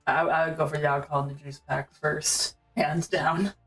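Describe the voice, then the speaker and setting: A woman's voice: sits low, level tone, normal speed, fairly bright tone, soft background music, low-quality recording. A woman co-hosting a reaction stream, chatting bluntly and casually. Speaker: co-host.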